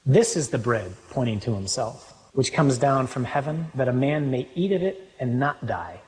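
A man preaching a sermon, reading scripture aloud and explaining it, moving between quiet reading and loud emphasis. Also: medium pitch. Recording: long reverb from a large hall.

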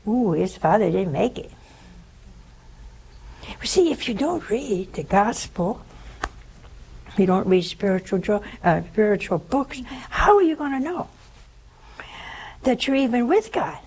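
A woman's voice: mid-range voice, measured pace, creaky, long pauses, a little hiss or hum, poor audio. An older woman giving an informal spiritual talk, telling a story and acting out the people in it. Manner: storytelling, animated in quoted speech. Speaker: religious teacher.

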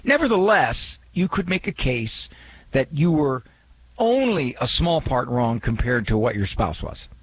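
A man's voice: medium pitch, sing-song, measured pace, slightly rough. A man hosting a call-in advice radio show, talking earnestly and conversationally as he recounts callers and gives counsel. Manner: earnest, conversational, quotes callers in his own voice.

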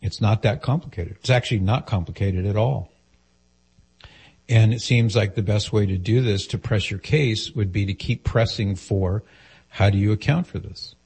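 A man's voice: fairly low pitch, moderate pace, darkish tone, slightly rough. A man hosting a call-in radio show, patiently explaining and spelling things out for a caller.

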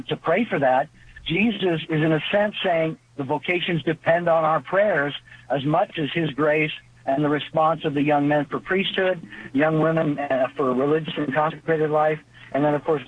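An earnest man with a fairly high voice joins a radio show over a tinny phone line. He is a seminarian and fills his talk with "um" and "you know". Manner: earnest, many fillers. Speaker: seminarian co-host. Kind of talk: call-in radio show chat.

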